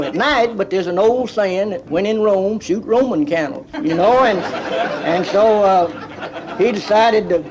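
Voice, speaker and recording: A man's voice: sits high, a little mellow. A middle-aged man with an East Texas accent telling folksy comic yarns, drawling and slipping into the voices of the people in his stories. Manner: drawling folksy yarn-spinner, slips into quoted voices. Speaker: storytelling comedian. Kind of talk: live comic storytelling.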